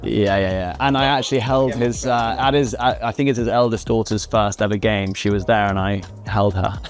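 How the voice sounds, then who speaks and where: A young man talking casually, relaxed and chatty, with a fairly low voice. He laughs easily between stories. Faint music plays underneath. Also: moderate pace. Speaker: interviewer. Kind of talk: casual chat.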